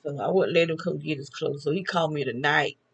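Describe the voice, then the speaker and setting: Older woman, gravelly voice, chatty storyteller who laughs often. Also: deep voice, quick pace, low-quality recording. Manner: chatty, laughs often, talks back and forth with herself. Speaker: vlogger. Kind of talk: casual storytelling monologue.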